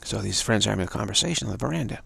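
Gravelly low-voiced man giving a spiritual talk. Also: expressive, a bit bright, no room sound. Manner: halting, repeats words and restarts; acts out quoted voices in a story. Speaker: spiritual teacher.

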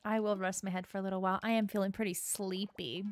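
A woman's voice: mid-range voice, flat delivery, quick pace, dry recording. A young woman giving casual gameplay commentary, bubbly and gushing, with lots of filler words. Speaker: gaming YouTuber. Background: soft game music.

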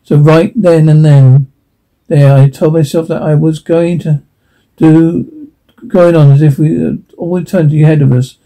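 A man reading a radio play aloud, slow and reflective, with slips and restarts. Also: on the high side, steady tone, warm tone, rough recording. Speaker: reader narrating a radio play. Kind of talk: amateur reading of a radio script.

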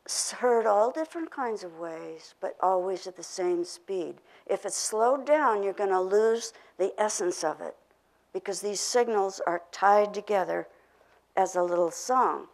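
Older female workshop presenter, gravelly voice, steady teaching delivery with choral drills. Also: mid-range voice, a little slow, low-quality recording. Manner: explains concepts with spoken drills and repetition. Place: workshop room.

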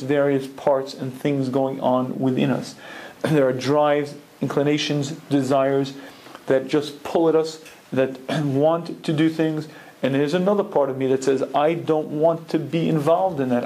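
A man teaching a humorous Torah lecture, telling stories with jokes and clearing his throat often. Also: fairly high pitch, darkish tone, rough recording.

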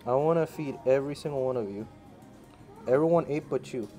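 A man of middling pitch films himself on a handheld phone in an indoor animal cafe. He talks casually and sweetly coaxes the animals, often rising with excitement. Clear music plays in the background. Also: a little fast. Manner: excited, coaxing pets in a playful voice. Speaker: vlogger. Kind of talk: casual vlog talk. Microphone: handheld phone camera.

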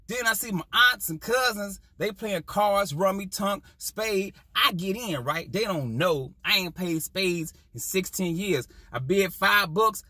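Comic vlogger: man, high voice, husky edge, close and dry in a car. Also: dry recording. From North Carolina, USA. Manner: animated, slangy storytelling to camera. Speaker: comedy vlogger. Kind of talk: comic vlog monologue. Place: parked car.

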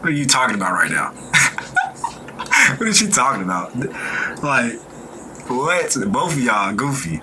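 A man's voice: medium pitch, big pitch swings, measured pace, long pauses, background noise. A man hosting a reaction video, talking in a casual, mocking way and laughing often.

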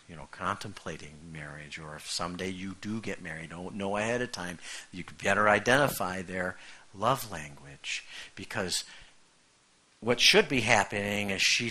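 A man's voice: lowish voice, bright, forceful tone, slightly rough. A middle-aged male pastor giving a conversational sermon, often checking in with the congregation.

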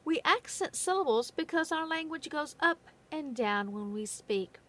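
A woman giving a phonics lesson in a patient, deliberate way, stressing the key words. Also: high-pitched, expressive, a bit bright. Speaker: phonics teacher. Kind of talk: slow, careful classroom instruction.

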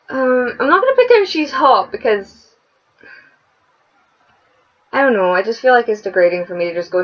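A woman's voice: on the high side, sing-song, moderate pace, long pauses, dull audio. A young woman playing a story game, reading its chat dialogue aloud and commenting bluntly with plenty of swearing. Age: young adult. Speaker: let's play gamer.

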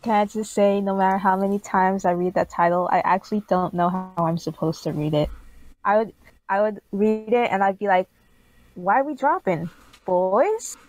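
A woman's voice: medium pitch, fairly even intonation, fairly quick, darkish tone, rough recording. A woman co-hosting a casual podcast, giving bubbly, rambling feedback on a comic. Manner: bubbly, rambling, playful voices. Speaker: co-host reviewing comics.

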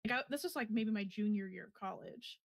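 A young woman in her twenties telling a long, animated story in casual chat during a co-op game stream, laughing often. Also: mid-range voice, a little fast. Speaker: co-op gaming stream guest. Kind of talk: casual storytelling while gaming. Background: game music.

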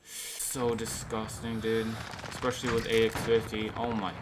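A young man commenting casually on his own gameplay as a streamer, excitable and slangy. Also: fairly low pitch, normal speed, heavy background noise. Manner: excitable, slangy, keeps saying dude. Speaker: gaming streamer and YouTuber.

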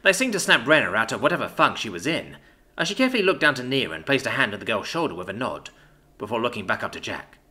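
A man narrating a science fiction story with a lively, expressive reading. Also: medium pitch, fast talker.

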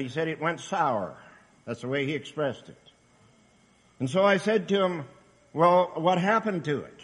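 A man preaching a sermon in an emphatic, earnest, exhorting manner. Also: on the high side. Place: church camp meeting hall. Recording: reverberant hall.

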